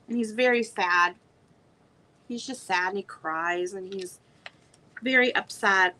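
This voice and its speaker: A woman's voice: medium pitch, measured pace, bright, forceful tone, rough recording. A woman selling old books on a live stream, talking in a chatty, rambling way. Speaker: online book seller. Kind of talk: casual live sale chat.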